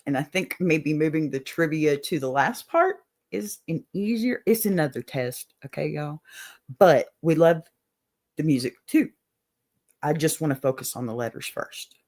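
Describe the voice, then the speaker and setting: An older woman from Texas with a Southern accent, hosting a casual show. She chats freely and laughs often. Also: sits low. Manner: chatty, laughs often, says y'all. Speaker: podcast host. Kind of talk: casual chat.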